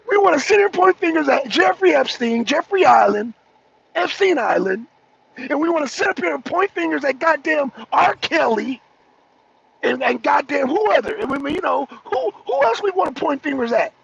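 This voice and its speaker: Guy with a real high gravelly voice going off on a profane rant, lo-fi stream audio. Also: very animated, moderate pace. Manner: loud, profane, repetitive ranting; breaks into laughter. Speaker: political talk show panelist. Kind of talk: heated political rant.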